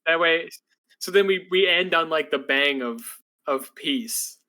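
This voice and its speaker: A man talks casually on a podcast, recapping what he has watched in a loose, meandering way with many fillers and restarts. His voice sits a little high for a man and sounds bright and forward. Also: unhurried. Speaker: podcast co-host. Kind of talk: casual chat recapping anime.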